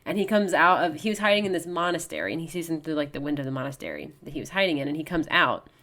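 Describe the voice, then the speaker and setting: A woman's voice: sits low, very fast. A young woman co-hosting a podcast, casually recapping a novel and acting out the characters' lines as she goes. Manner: animated storyteller, acts out characters' lines. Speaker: podcast co-host.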